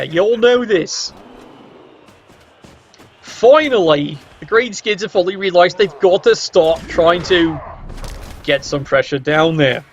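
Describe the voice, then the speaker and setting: A man doing play-by-play commentary of a video game match, with cheeky, sardonic asides and sudden jumps up in pitch. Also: slightly rough, lo-fi sound.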